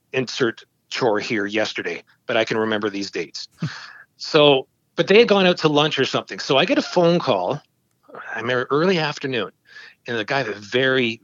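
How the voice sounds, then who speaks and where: A man's voice: mid-range voice, dry recording, lo-fi sound. A man in his fifties, a podcast host, telling stories in casual chat and acting out quotes. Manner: storytelling, animated quoting.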